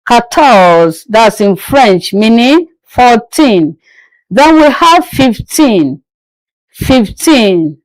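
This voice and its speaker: A woman's voice: a little high, big pitch swings, extremely slow, a little mellow, dry recording, low-quality recording. A woman teaching a pronunciation lesson, repeating each word several times and patiently asking and answering her own questions. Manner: patient, coaxing learners to listen closely. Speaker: French teacher. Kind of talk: slow drilling pronunciation lesson.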